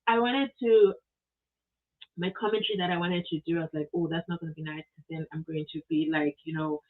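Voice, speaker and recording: A woman's voice: sits low, fairly quick. Chatty woman streamer with tinny audio. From South Africa. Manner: chatty, animated, reads comments aloud, exclaims often. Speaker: live stream host. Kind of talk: casual live stream chat.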